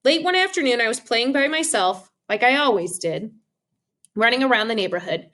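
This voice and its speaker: A woman narrating an audiobook with expressive storytelling. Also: sits high.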